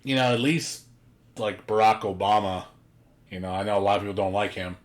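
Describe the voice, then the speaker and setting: A man's voice: lowish voice, a little fast. A man streaming a game, chatting casually with a blunt, profane, ranting manner. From United States. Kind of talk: casual chat.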